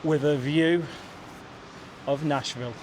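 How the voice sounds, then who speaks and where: A young British man with a British English accent talks casually to a handheld camera as a travel vlogger, effusive and chatty, in a rented apartment and on its balcony, partly outdoors. His voice is fairly high, steady in tone, slow, and a little mellow, with slight background noise.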